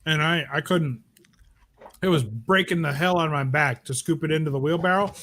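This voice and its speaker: Man, slightly high voice, easygoing anecdotes, casual chat. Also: brisk, a bit bright, a little hiss or hum.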